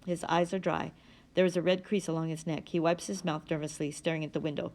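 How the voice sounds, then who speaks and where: A woman reading a novel aloud in a steady, plain manner. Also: low voice, quick pace. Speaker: audiobook reader.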